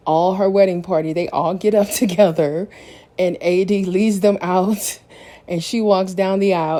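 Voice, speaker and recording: A woman's voice: on the low side, warm tone. A woman hosting a podcast, recapping a reality show in a candid, opinionated, casual way. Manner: opinionated, candid, retells scenes in detail. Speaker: podcast host.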